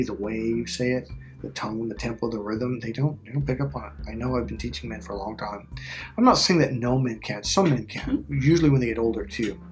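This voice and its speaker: A middle-aged man talking casually as a relationship coach, emphatic and repetitive, swearing freely. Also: mid-range voice. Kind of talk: casual talk to camera.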